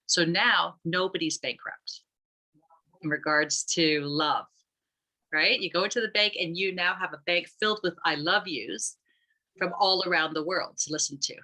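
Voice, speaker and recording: Low-pitched woman explaining her app. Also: normal speed, bright, forceful tone, poor audio. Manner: rambling, many restarts and fillers. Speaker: app founder, guest. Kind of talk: conversational explanation.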